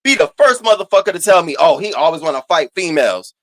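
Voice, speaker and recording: Sassy, animated man doing gossip commentary. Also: no echo. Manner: animated and profane, swinging between loud outbursts and low asides; sassy, drawn-out emphasis. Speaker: host of a commentary channel.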